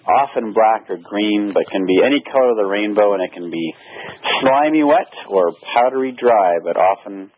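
Canadian male guest on call-in radio, practical explainer, husky tone, phone-quality audio. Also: on the low side, expressive, normal speed, no echo. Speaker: guest, product manufacturer. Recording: tinny dry phone line.

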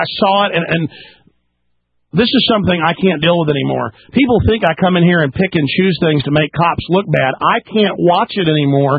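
High-voiced gravelly radio host. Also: male voice, dry recording. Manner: rapid, stammering, agitated. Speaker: radio talk show host. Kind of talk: call-in radio talk. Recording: tinny phone-like broadcast audio with faint music.

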